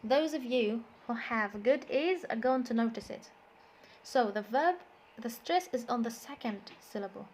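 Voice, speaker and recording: A woman's voice: on the high side, expressive, a little slow, darkish tone, slight background noise. A woman with an Egyptian accent teaching an English lesson, moving between English and Arabic and repeating words to drill their stress. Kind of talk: classroom lesson explanation.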